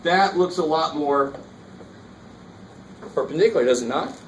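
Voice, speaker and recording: A man with a fairly high voice lectures a math class in a casual, engaged way and keeps asking whether the students follow. He was recorded from across a roomy classroom, and a faint hiss sits under the voice. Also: animated, unhurried, distant mic. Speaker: math teacher.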